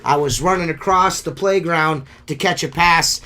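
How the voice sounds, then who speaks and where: A young man with a bright, forceful voice, pitched a little high, telling work stories in casual chat. He swears freely and laughs often as he talks. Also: moderate pace. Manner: profane, laughs often, animated storytelling. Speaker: podcast host.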